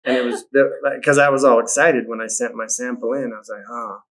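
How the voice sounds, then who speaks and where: A man chatting as a guest, relaxed and soft-spoken, his sentences trailing off quietly. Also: mid-range voice, fast talker. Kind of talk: casual chat.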